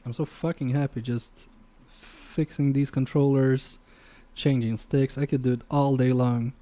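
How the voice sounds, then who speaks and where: A man on a live repair stream talks in an unhurried, unrushed way, tossing jokes and mild swearing at his chat between laughs. His tone is soft and mellow, with a middle pitch, as he chats casually over his work. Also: fairly even intonation. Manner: joking, swearing banter with chat; laughs often between remarks.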